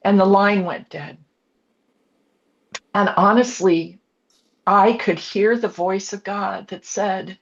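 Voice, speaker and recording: Speaking slowly with long pauses, this woman has a medium-pitched voice and fairly even intonation. In her sixties, she's an author and coach appearing as a podcast guest, candidly sharing her family story in short, earnest, reflective phrases over dull lo-fi podcast audio.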